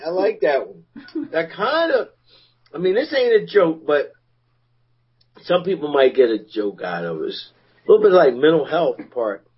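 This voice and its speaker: A man's voice: on the high side, big pitch swings, normal speed, pauses often, slightly rough, highs cut off. A man on a talk show casually telling a crude work anecdote, stumbling over his words. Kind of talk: casual chat.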